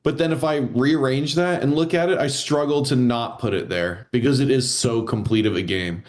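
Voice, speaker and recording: A man's voice: mid-range voice, moderate pace. A man co-hosting a casual podcast chat, hesitating and thinking aloud. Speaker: podcast co-host.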